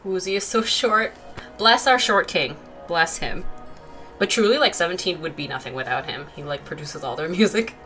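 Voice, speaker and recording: Young woman rambling on a drawing stream, kinda low voice, laughs a lot, says like constantly. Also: moderate pace, sharp tone, faint music behind. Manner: chatty, giggly, lots of fillers, reads chat aloud. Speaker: art livestream host. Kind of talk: casual chat while drawing.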